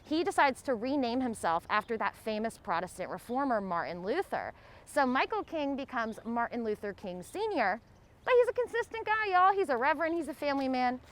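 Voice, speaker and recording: A woman tour guide telling history as a casual, lively story to a group on an outdoor city street. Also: high voice, fairly quick.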